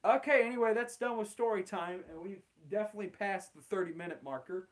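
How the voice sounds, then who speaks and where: A young man rambles through an awkward personal story in a casual, unscripted way. His voice sits a little higher than most men's. He swears freely and fills his talk with "like" and "um". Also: fast. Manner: rambling, swearing, with laughs and many fillers. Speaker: channel host.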